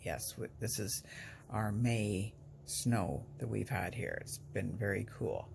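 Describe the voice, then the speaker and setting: A woman's voice: extremely low pitch, animated, unhurried, creaky, background noise. A woman telling a rambling personal story in a casual vlog, breaking off now and then to talk to her pets. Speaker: vlogger.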